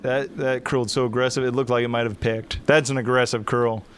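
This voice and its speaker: A man's voice: medium pitch, little pitch movement, a little fast, fairly bright tone, slight background noise. A man giving live curling commentary, joking and hyping events up like mock breaking news. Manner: playful, mock-dramatic breaking-news hype.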